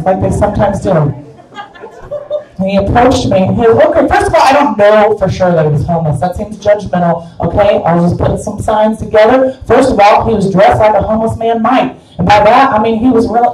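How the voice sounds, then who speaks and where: A woman's voice: on the high side, a little mellow. A woman stand-up comedian telling a crude, rambling story live on stage in a club. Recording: echoey club from far off.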